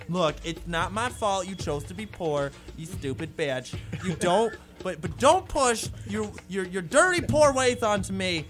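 A man's voice: high voice, sharp tone. A man playing a rude young man who mocks and insults everyone in a comedic rant. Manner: snide, insulting, mocking.

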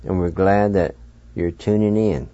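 A man hosting a radio language lesson, patiently spelling out words letter by letter and pronouncing each one slowly. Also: low-pitched, dark tone, no echo, highs cut off. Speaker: radio language teacher and host.

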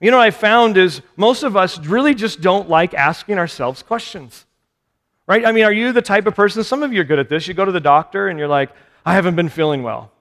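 A man's voice: sits high, lively intonation, brisk, fairly bright tone. A male pastor giving a conversational sermon, poking fun at himself and putting questions to his listeners. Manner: conversational, self-deprecating, rhetorical questions to listeners. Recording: long reverb of a large hall.

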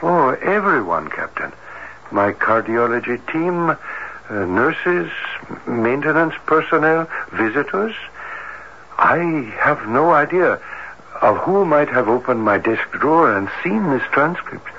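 An actor playing a cautious, formal doctor who speaks earnestly and hesitantly in a 1970s radio drama. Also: male voice, mid-range voice, big pitch swings, slow. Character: cautious, formal male doctor, a man of science. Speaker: cardiologist. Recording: dull lo-fi vintage radio with faint hiss.

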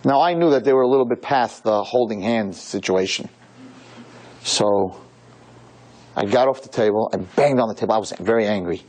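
A man's voice: lowish voice, normal speed. A man, a rabbi, telling a story during a sermon in a synagogue, acting out the voices of the people in it. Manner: animated, acts out quoted voices.

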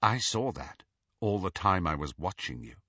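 A man reading an audiobook, voicing a brooding, defensive young wizard boy in a low, guarded voice. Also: sing-song, normal speed, bright, forceful tone, slightly rough, no echo, exaggerated voice. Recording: slightly dull, dry recording.

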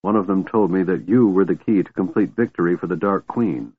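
A man voicing an angry, impatient half-elf warrior who fires off sharp demands, in a storybook reading. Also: low-pitched, fairly quick, husky, phone-quality sound. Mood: tense.

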